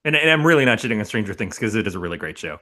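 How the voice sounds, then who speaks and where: A middle-aged man co-hosting a horror movie podcast in casual chat, animated and profane, rambling through his points. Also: lowish voice, rapid-fire. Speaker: podcast co-host.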